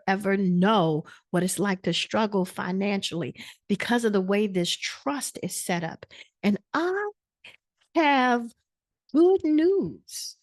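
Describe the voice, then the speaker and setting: A woman hosting a live online money masterclass over a video call, talking in an animated way and stacking up repeated words for emphasis in a preacher-like style. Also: mid-range voice. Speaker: financial educator hosting a masterclass.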